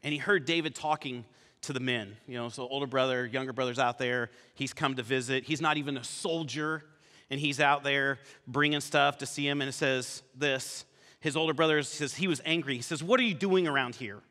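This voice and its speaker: A man who is a campus pastor, preaching a sermon in a casual, animated storytelling way. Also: medium pitch, moderate pace, big-room sound. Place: church sanctuary.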